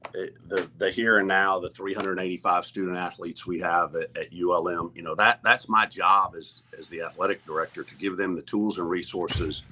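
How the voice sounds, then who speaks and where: A man's voice: deep voice, fairly even intonation, moderate pace, pushed and bright. A man who is a college athletic director, talking earnestly as a guest on a sports talk show, stopping and restarting often with lots of fillers.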